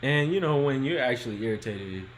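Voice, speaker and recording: A man's voice: medium pitch, animated, brisk, slight background noise, rough recording. A man co-hosting a podcast, laid-back and colloquial, reading out and discussing relationship questions. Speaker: podcast co-host. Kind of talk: casual relationship advice chat.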